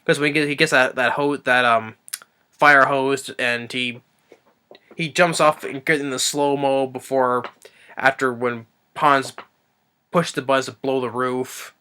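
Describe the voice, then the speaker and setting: A man's voice: steady tone, measured pace, pushed and bright, smooth. Man rambling through a movie review. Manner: rambling with many fillers and restarts; briefly acts out quotes in a higher voice.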